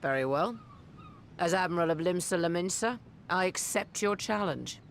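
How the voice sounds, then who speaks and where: A woman's voice: fairly low pitch, lively intonation, slight background noise. An actress playing a composed female admiral who formally accepts a challenge in a game cutscene. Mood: resolute. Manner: formal, measured.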